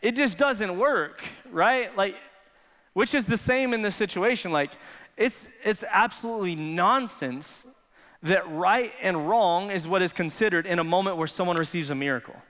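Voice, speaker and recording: A man's voice: sits high, moderate pace, fairly bright tone, long reverb tail. A man preaching a sermon as pastor, telling stories in a casual, conversational way full of "like". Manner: conversational storytelling, frequent "like".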